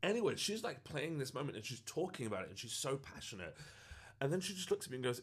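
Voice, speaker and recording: A man's voice: fairly low pitch, lively intonation, fast, fairly bright tone. A man, a social media creator, telling a personal story in an earnest, reflective way. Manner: earnest and reflective, with frequent fillers. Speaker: TikTok creator.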